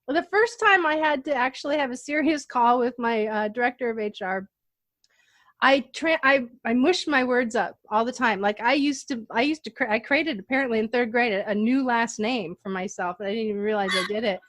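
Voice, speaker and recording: A woman hosting an interview, telling stories in an animated way and laughing often. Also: fairly high pitch, fairly quick. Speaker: host. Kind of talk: casual interview chat.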